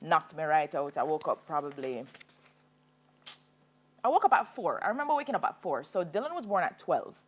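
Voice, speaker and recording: A woman in her thirties, a singer telling her own story as a TV guest, animated and laughing as she goes. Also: low voice, fairly quick, long pauses. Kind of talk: personal storytelling in a TV interview.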